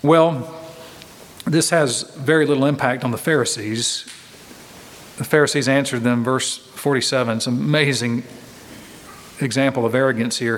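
A pastor with a mid-range voice speaks at a moderate pace through an expository sermon, earnest and emphatic. He repeats phrases to drive his points home, and a long reverb from the large hall surrounds him.

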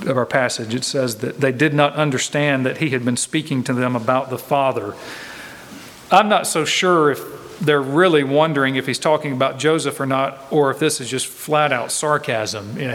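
A man's voice: mid-range voice, a bit bright. A man preaching an expository sermon in a church, earnest and emphatic, hammering home his key points by repeating them. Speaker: pastor. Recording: long hall reverb.

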